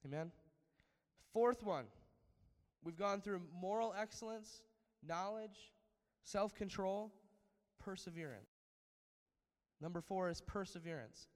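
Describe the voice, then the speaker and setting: A man's voice: sits high, takes it slowly, long pauses, in a large hall. A man preaching a sermon, asking his listeners for amens and building to emphatic peaks. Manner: preaching with call-outs for amen, rising to emphatic peaks. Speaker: pastor.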